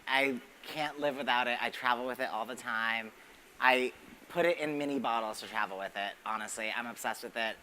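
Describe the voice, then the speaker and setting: A man's voice: medium pitch, brisk, sharp tone, slight background noise, poor audio. A man hairstylist on a live beauty panel who gushes about his favorite product and says he is obsessed with it. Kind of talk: casual panel talk. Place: live panel on a stage at a fashion event.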